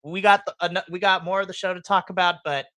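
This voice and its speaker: Animated ranting woman podcast host. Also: lowish voice, quick pace, no room sound. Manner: animated, ranting, playful exaggerated asides. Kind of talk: casual livestream reaction chat.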